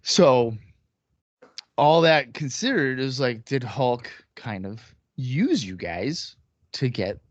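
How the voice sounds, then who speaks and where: A man's voice: medium pitch, animated, slow, no room sound, dull audio. A man co-hosting a wrestling podcast in casual chat, blunt and jokey, swearing as he rants. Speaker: podcast co-host.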